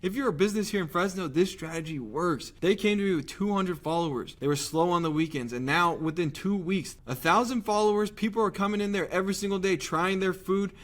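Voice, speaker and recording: Energetic man giving a sales pitch. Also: brisk, few pauses. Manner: energetic, conversational, asks rhetorical questions. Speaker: marketing agency owner pitching local businesses. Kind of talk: direct-to-camera sales pitch.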